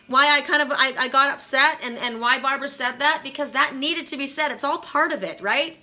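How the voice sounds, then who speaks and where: A tired, emotional middle-aged woman talking through a live oracle card reading. Her voice is bright and set a little high, and her chat wanders, circles back and repeats itself. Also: fairly quick, hardly any pauses. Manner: chatty, emotional, repeats herself.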